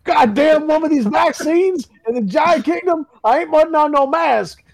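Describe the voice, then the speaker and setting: A man's voice: very high voice, expressive, moderate pace, creaky, no room sound, voice pushed up, exaggerated voice. A man doing a griping giant wife. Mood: indignant. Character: grumbling giant wife, anti-mask.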